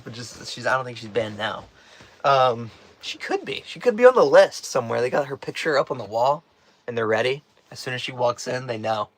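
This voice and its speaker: Brief: chatty, jokey man on a live stream, voice prone to cracking, dry close sound, middle pitch. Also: dry recording. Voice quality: voice cracks at times. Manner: chatty, jokey, laughs often. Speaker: host reading a live chat. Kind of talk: casual live-stream chat. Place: inside a small tiny house.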